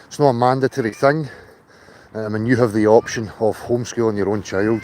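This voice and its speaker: A man's voice: on the low side, fairly quick, darkish tone, a little hiss or hum. A man hosting a casual livestream outdoors, chatty and loose, swearing now and then. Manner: chatty, greets viewers by name, swears in asides. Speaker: livestream host.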